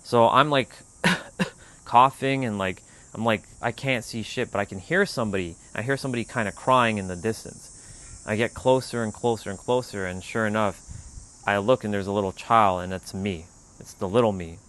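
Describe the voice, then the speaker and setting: Guy w a lowish voice rambling thru a personal story, laid back, says like a lot. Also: moderate pace. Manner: relaxed, rambling, lots of "like". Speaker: spiritual livestream host.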